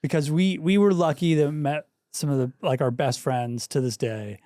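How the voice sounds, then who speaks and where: Higher-voiced man reacting chattily. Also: fairly even intonation, normal speed, warm tone, dry recording, studio quality. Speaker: podcast co-host. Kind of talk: casual chat.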